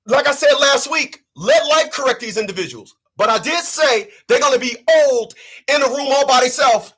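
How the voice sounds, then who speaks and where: High-voiced man ranting on his channel. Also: a bit bright, breathy edge. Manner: preachy, profane, repeats himself for effect. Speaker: vlogger. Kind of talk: ranting commentary.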